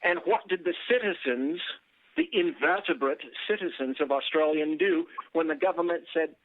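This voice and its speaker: A man's voice: fairly high pitch, animated, moderate pace. A man co-hosting a political talk radio show, emphatic and sarcastic, fond of formal words. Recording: tinny phone line.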